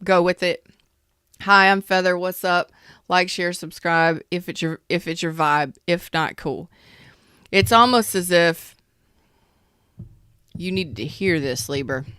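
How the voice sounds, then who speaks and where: A woman's voice: lowish voice, a little slow, long pauses, a bit bright, clear, resonant tone, no echo, studio quality. A woman tarot reader doing a live reading as a casual, blunt rant, swearing freely, calling viewers out and answering chat comments. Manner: blunt, profane, calls viewers out.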